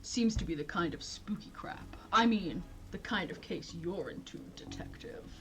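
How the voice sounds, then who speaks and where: A woman's voice: fairly low pitch, moderate pace, faint music behind, lightly acted. A woman voicing a jumpy, wry male police officer from a click-through detective game, in a plain read-aloud voice.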